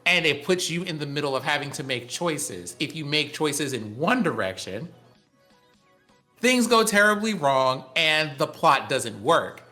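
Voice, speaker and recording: A man's voice: fairly high pitch, very animated, a little slow, bright, forceful tone, faint music behind. A man co-hosting a tech podcast in casual chat, explaining things at length with enthusiasm. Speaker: podcast co-host.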